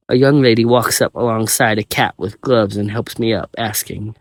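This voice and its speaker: Man, low-ish voice, plain steady first-person story narration. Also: normal speed, hardly any pauses, dry recording.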